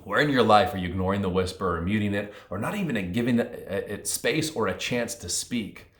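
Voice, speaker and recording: Earnest low-voiced man in a roomy space. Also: brisk. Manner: earnest, conversational, with frequent restarts. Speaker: motivational speaker. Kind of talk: reflective motivational talk. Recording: roomy echo.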